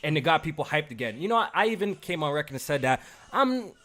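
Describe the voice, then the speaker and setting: A man's voice: on the high side, expressive, fast, fairly bright tone. A man hosting a casual gaming podcast, reading out viewer comments in a laid-back way. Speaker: podcast host. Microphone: low mic level.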